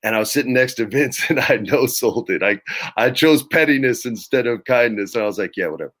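A middle-aged man, a guest in an interview, telling casual anecdotes in an animated way, swearing freely and acting out what others said. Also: mid-range voice, fairly quick. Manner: animated, swears freely, acts out quoted lines.

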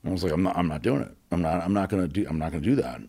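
A man candidly telling a personal story as an interview guest, halting, with many fillers and blunt swearing. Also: low-pitched, vocal fry, dark tone, husky.

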